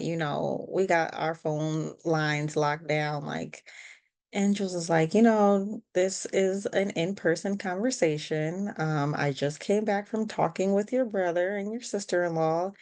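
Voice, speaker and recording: A woman co-hosting a podcast with a somewhat low-pitched voice. She talks through a TV episode in a relaxed, conversational way, adding her own opinions as she goes. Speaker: podcast co-host. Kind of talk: casual recap of a TV episode.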